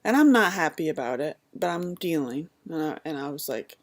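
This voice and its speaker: Lively woman telling a story. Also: low voice, brisk. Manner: animated, acts out voices in quoted lines. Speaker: vlogger telling her birth story. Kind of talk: casual storytelling.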